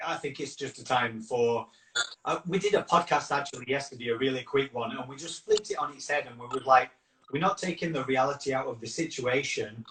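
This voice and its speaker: A man's voice: mid-range voice, fairly bright tone. A man hosting a casual live video chat, talking earnestly and rambling, restarting his sentences as he goes. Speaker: campaign founder and host. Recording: roomy echo, distant from the mic.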